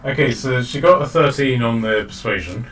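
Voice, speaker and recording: A man's voice: mid-range voice, moderate pace, a bit bright, faint music behind. A man narrating as dungeon master, chatty and loose, with many fillers and laughs. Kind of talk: narrating a tabletop game. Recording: distant mic with faint background noise.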